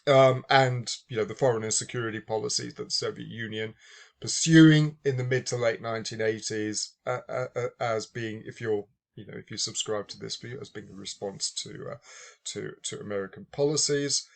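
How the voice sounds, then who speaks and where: A man's voice: lowish voice, moderate pace, vocal fry. A man giving a university lecture, thinking aloud with many fillers and restarts. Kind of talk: recorded lecture.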